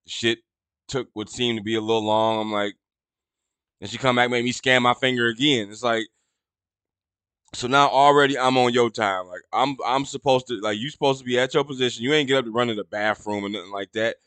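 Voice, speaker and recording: Profane ranting man, bright and dry. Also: fairly even intonation, fairly quick, smooth, no echo. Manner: profane, rambling, gets loud and high when indignant. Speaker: podcast host. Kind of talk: casual storytelling rant.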